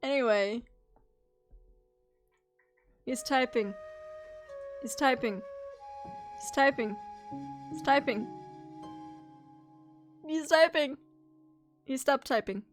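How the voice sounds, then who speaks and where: A woman's voice: high voice, slow, pauses often, soft background music. A young woman live-streaming in casual chat, teasing her friends playfully and swearing freely.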